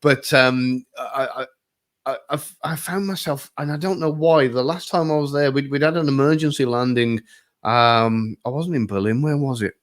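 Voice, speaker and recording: A man hosting a casual podcast conversation who chats easily, laughs often and answers with quick replies. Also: medium pitch. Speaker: podcast host.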